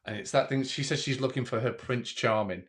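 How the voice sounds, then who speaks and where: A man's voice: mid-range voice, a little fast, a bit bright. A man guest on a podcast discussing a horror film earnestly, with stumbling restarts and acted-out lines.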